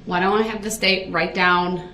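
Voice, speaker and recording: Calm woman judge in an echoey courtroom. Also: on the low side, slight background noise. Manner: calm, measured, accommodating. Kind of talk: courtroom proceedings. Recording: echoey courtroom audio from a distant mic.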